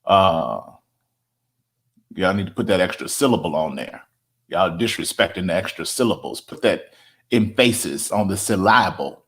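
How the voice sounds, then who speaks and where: A man's voice: low voice, lively intonation, normal speed, a bit bright. A middle-aged man, a pastor chatting casually with his online viewers, joking and stretching words for emphasis. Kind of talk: casual livestream talk to viewers.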